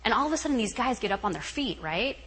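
A woman guest speaker telling a story at a retreat in an animated, chatty way, full of "you know" and "right". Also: a little high, quick pace, breathy edge, rough recording.

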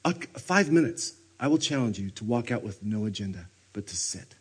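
A man giving a sermon at a retreat, animated, swinging between loud bursts and hushed near-whispers. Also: on the low side, normal speed, slightly rough. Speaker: retreat speaker. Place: retreat meeting room.

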